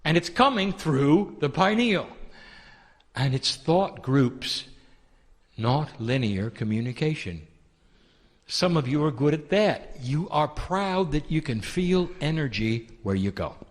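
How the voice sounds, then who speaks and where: A man giving a channeled spiritual teaching, calling listeners "dear one" and asking rhetorical questions in a soft, deliberate way. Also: on the high side, big pitch swings, big-room sound.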